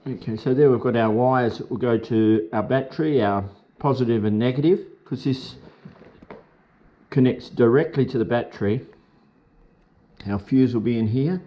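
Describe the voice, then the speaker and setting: A man's voice: medium pitch, normal speed, lo-fi sound. A man casually explaining a motorcycle job step by step in a chatty, upbeat way. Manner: chatty, upbeat, talks through each step. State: has hiccups. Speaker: motorcycle vlogger. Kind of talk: casual how-to talk.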